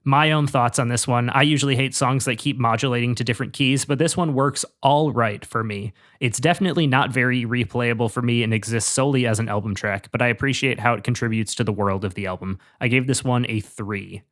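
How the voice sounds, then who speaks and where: A man's voice: medium pitch, a little fast, hardly any pauses, fairly bright tone, dry recording, clean studio sound. A man hosting a music podcast, reading out prepared notes and then chatting casually with his co-hosts. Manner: reads liner-note stories, then chats and jokes. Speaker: podcast host.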